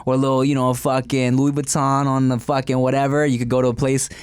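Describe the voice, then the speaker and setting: A man's voice: mid-range voice, level tone, fast talker, clear, resonant tone, dry recording, studio quality. A man co-hosting a podcast, joking and swearing in casual banter with mock-formal phrasing. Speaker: podcast co-host.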